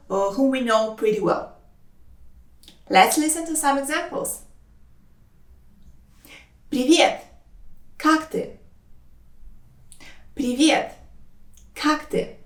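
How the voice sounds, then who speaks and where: A woman whose first language is Russian gives a language lesson in English, speaking slowly and carefully and saying each example phrase twice. Her voice sits a little high. The recording is roomy, with her voice a little distant from the microphone. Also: fairly bright tone. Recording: roomy, voice a bit off-mic.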